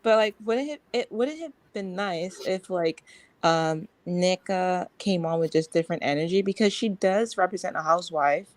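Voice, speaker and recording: A woman's voice: fairly low pitch, moderate pace, no echo, poor audio. A woman guest in a casual chat, speaking frankly and rambling with lots of fillers.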